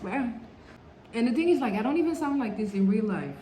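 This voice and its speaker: A woman vlogger with a highish, dark-toned voice talks a little fast with lively intonation in a rambling storytime video to camera. She peppers her speech with "like" and "you know," and the recording has a roomy echo and faint background noise.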